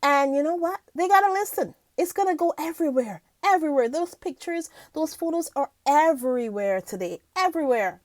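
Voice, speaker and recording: A woman's voice: sits high, normal speed, darkish tone, dry recording. A woman vlogger reading news aloud in casual commentary, talking to her viewers, laughing often and stumbling over words. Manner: chatty, addresses viewers as guys.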